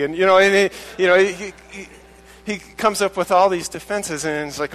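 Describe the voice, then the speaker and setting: A man's voice: sits high, moderate pace, fairly bright tone, low-quality recording. A man preaching a sermon as a pastor, in a conversational way with many restarts and acted-out quotes.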